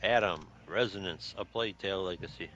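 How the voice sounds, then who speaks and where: Podcast host guy, lowish voice but bright, muffled mic, faint music behind. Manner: brisk, moves the segment along. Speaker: host running the scoring. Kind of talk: casual podcast banter.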